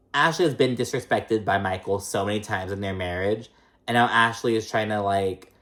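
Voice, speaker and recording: A reality TV recap host giving a casual, gossipy episode rundown, swearing freely and packing the talk with fillers like "like" and "um". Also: mid-range voice. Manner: profane, filler-heavy, chatty; animated, mimics the cast in raised voices.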